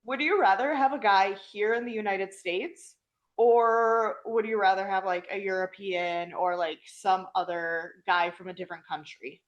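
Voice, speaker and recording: A woman's voice: medium pitch, steady tone, normal speed, lo-fi sound. Playful young woman podcast host. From Wisconsin. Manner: playful, teasing, laughs often. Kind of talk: casual chat.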